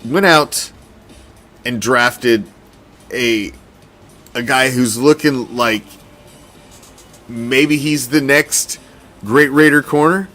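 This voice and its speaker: A man hosting a casual sports commentary show, talking in an animated, profane, rambling way. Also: medium pitch, drawn-out words, long pauses, faint music behind. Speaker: host.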